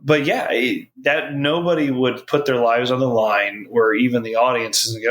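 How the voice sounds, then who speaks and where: A man's voice: mid-range voice, steady tone, normal speed, few pauses, a bit bright, rough recording. Man musing over a film as a guest. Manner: thoughtful, restarts mid-sentence. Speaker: podcast guest. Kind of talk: casual film discussion.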